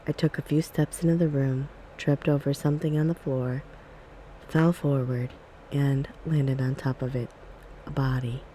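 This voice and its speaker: This is a woman reading a spooky story in a soft ASMR style. Her voice is mellow and warm, and her pacing is calm and even. A faint background hiss sits under the reading. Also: a bass voice, moderate pace, poor audio. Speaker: ASMR book reader.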